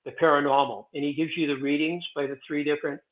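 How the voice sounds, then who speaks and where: A man in his sixties with a slightly higher voice, wandering through his stories with plenty of fillers and restarts. His voice comes through a thin, tinny, phone-like line, as if he is calling in from somewhere else. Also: level tone, quick pace. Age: 60s. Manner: rambling, digressive, frequent fillers and restarts. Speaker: guest, president of a historic stone site. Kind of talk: casual interview storytelling.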